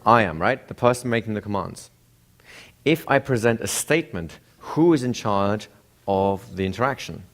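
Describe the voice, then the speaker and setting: Lecturing to a classroom, the instructor has a somewhat low, lively voice and a moderate pace. Constant rhetorical questions to the room mix with his acted-out demonstrations of intonation.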